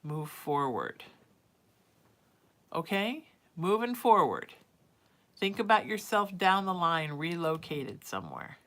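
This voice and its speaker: A woman's voice: fairly low pitch, lively intonation, a little slow, fairly bright tone. A middle-aged woman giving casual psychic advice on a live stream, chatty and calling viewers sweetie. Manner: reads viewer messages aloud then answers.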